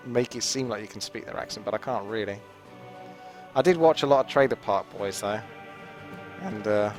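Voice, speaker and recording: An English man giving live game commentary in a relaxed, chatty, rambling way. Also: fairly low pitch. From England. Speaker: esports commentator.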